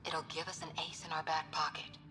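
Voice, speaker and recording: A wry, low-voiced squadmate. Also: female voice, little pitch movement, brisk. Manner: wry, quipping. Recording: game audio over loud music.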